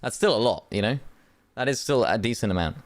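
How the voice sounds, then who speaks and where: A man's voice: mid-range voice, lively intonation, fairly quick, no room sound. A young man from Europe chatting casually as he hosts a live stream watch party, rambling with many fillers and restarts.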